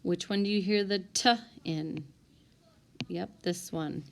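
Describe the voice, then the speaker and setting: Slow, low-voiced woman teacher. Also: steady tone, vocal fry, slight background noise. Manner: slow, deliberate word-by-word dictation. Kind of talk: recorded spelling lesson for students. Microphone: tablet microphone.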